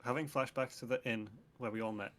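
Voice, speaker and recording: A man's voice: medium pitch, steady tone, a little fast, fairly bright tone. A man playing a tabletop game, joking and laughing in casual chat. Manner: jokey, laughing. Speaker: player.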